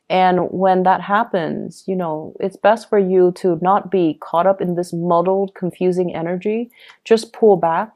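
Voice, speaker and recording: Mellow-voiced woman reading tarot. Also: fairly low pitch. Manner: conversational, many fillers and "okay?" check-ins. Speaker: tarot reader. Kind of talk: pick-a-card tarot reading.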